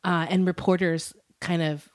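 Giggly, low-voiced woman telling a story. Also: flat delivery, a little slow, a little mellow. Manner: giggly, breaks off with laughs and apologies; chatty, many fillers like "um" and "like". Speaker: podcast co-host. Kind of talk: casual storytelling chat.

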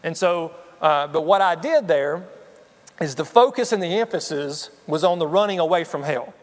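A man's voice: on the high side, expressive, normal speed, big-room sound. A man preaching a sermon in an earnest, personal way, often checking in with the congregation. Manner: earnest, personal, addresses the congregation with frequent "okay?". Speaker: pastor.

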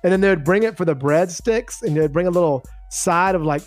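A man co-hosting a podcast in casual chat, animated and quick to laugh. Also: high voice, soft background music. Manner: laughs easily, animated storytelling. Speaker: podcast co-host.

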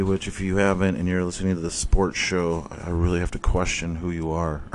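A man with a low-sitting voice hosts a casual solo sports podcast, ranting and telling animated stories laced with heavy swearing. His talk rambles, and a faint hiss or hum runs under the audio.

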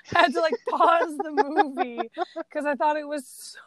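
A woman's voice: high voice, a little slow, fairly bright tone, dry recording. A woman in casual chat, animatedly retelling movie scenes and acting out the lines.

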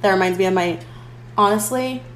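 A woman in her twenties co-hosting a podcast, telling stories in a chatty, animated way with lots of fillers. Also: mid-range voice, a little fast, a little hiss or hum, low-quality recording. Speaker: podcast co-host. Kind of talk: casual chat.

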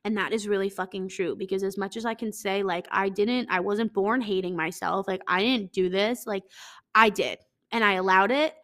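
A woman's voice: mid-range voice, fairly even intonation, moderate pace, fairly bright tone. A woman in her twenties with a stuffy nose, talking casually and reading from an article, rambling, profane and self-mocking, with lots of "like.". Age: 20s.

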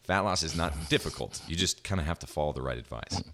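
A man's voice: a bass voice, quick pace. A man in his twenties hosting a podcast interview, chatting casually and laughing often. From New Hampshire, USA. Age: 20s. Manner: laughs often, relaxed and upbeat. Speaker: podcast host.

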